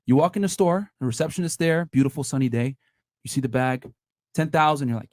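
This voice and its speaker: Male debate host: rapid, cursing, pushy, talks over everyone, high animated voice. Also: no echo. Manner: blunt, profane, talks over others. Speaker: podcast host. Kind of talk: heated panel debate.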